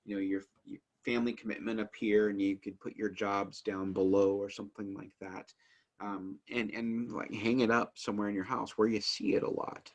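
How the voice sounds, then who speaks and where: A man who teaches family life, talking casually to the camera in an earnest, eager way while working to keep his pace slow and calm. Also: lowish voice, dull audio. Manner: earnest, eager, works at speaking slowly and calmly; frequent fillers and restarts as energy rises. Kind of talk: casual instructional talk to camera.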